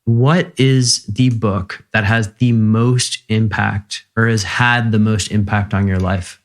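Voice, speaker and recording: A man hosting a casual interview, relaxed and conversational. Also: on the low side, slow. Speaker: podcast host.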